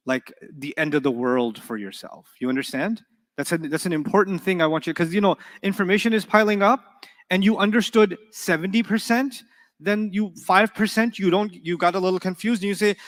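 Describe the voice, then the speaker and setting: A man's voice: sits high, a bit bright. A man teaching an Arabic class in a conversational, encouraging way, often asking his students questions. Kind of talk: classroom lecture. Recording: long hall reverb.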